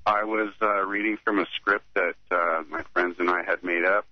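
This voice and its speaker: Very deep, flat-voiced man on a dull line. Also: no echo. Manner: halting, reads slowly with many fillers. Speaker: caller. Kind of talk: reading an account aloud by phone.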